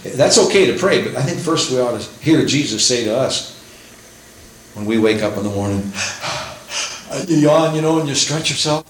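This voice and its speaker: A preacher man delivering a sermon, his voice rising and falling with lively inflection as he quotes scripture. He is recorded in a heavily echoing church with a faint hiss underneath. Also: medium pitch, normal speed. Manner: animated preaching, quoting scripture and acting out prayers. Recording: very echoey room with faint hiss.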